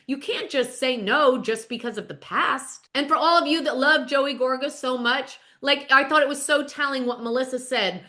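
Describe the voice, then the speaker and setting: A woman's voice: high-pitched, sharp tone. A middle-aged woman hosting a podcast, telling a story in a chatty, emphatic way and often calling out to her listeners. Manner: chatty, emphatic, addresses listeners as "you guys". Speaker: podcast host. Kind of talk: casual storytelling commentary.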